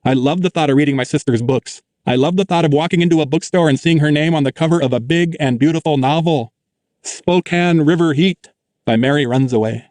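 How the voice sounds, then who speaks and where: A man's voice: fairly high pitch, quick pace, hardly any pauses, darkish tone, no echo. A man reading a first-person audiobook in a wry, plain, conversational teenage voice. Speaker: audiobook narrator.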